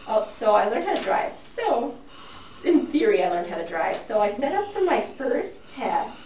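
A woman telling a funny personal story to a small group of listeners, in a self-mocking, animated way. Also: on the high side, normal speed. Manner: animated, self-mocking, acts out quoted lines. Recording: roomy, distant, dull recording with faint hiss.

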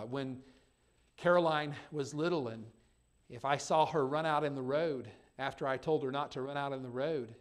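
A male pastor preaching a sermon, with talk that swings between soft and loud, reading old-fashioned scripture and turning to his congregation with conversational asides. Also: a little high.

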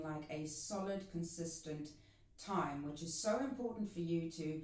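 A woman teaching a cajon lesson in a casual, encouraging way, counting the rhythm out loud as she plays. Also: on the low side, moderate pace. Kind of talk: video lesson. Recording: roomy and distant, with cajon playing.

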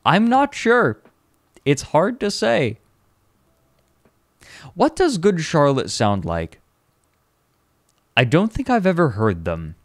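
Slow, lively-voiced man reading aloud. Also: a little high, no room sound, studio quality. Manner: mock-dramatic, breaks into laughter. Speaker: streamer. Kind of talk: comedic dramatic reading on stream.

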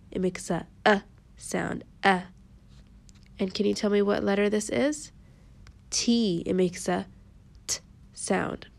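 A woman teaching a kindergarten phonics lesson, sounding out letters slowly and praising the children often. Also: medium pitch, vocal fry, a little mellow.

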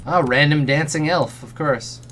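A man's voice: fairly high pitch, moderate pace, fairly bright tone, slight background noise. Jokey man muttering through a game. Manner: jokey, swears, often mutters under his breath. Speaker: let's play streamer. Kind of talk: casual gameplay commentary.

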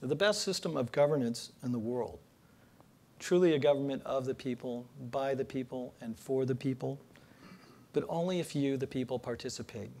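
Speaking at a normal pace in a medium-pitched, darkish voice, a political cartoonist lectures before a lecture-hall audience. He delivers jokes through dry storytelling, steering each one toward its punchline.

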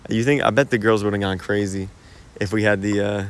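On a phone livestream, a young man from the US strolls through a cemetery resembling a park and chats loosely with his audience. His pitch is fairly low and his tone steady, he talks fairly quickly, and he laughs often amid his slangy remarks.

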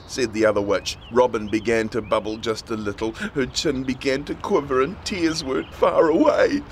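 A man reading a children's story aloud in a playful, expressive way. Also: medium pitch, normal speed, few pauses, a little hiss or hum.

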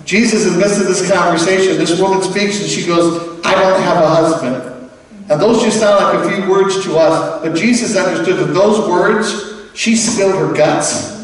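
A man's voice: high-pitched, moderate pace. Preaching man in an echoey hall. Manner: conversational, animated preaching with quoted voices. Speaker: pastor. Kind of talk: sermon. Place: large church hall. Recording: echoey church hall, from far off.

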